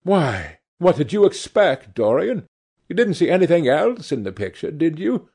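A man's voice: a little high, big pitch swings, moderate pace, dark tone, slightly rough, heavily acted. A man reading aloud and voicing an earnest, devoted male painter who pleads with his friend. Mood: earnest, pleading.

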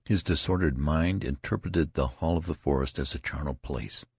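A man reading a novel aloud in a measured, deliberate way, as scripted narration. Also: a bass voice, gravelly, darkish tone, breathy edge, dry recording, studio quality. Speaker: audiobook reader.

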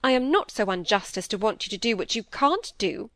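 A woman's voice: medium pitch, very animated, fairly quick, fairly bright tone, no room sound. A woman reading the part of a vain, fretful middle-aged stepmother who speaks querulously. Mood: peevish. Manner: querulous, peevish.

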